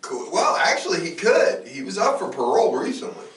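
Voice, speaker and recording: A man's voice: high-pitched, big pitch swings, a little fast, a bit bright, recorded from a distance. Rambling male podcast host, roomy sound. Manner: loose and rambling, frequent fillers and restarts. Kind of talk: casual podcast chat.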